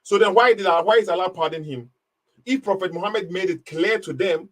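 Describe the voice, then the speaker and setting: A man hosts a live online debate, pressing his points hard and mocking the other side. His voice sits a little higher than most men's. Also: fast talker, a bit bright. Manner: mocking, emphatic, laughs at the caller. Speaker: live stream host. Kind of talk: casual live debate commentary.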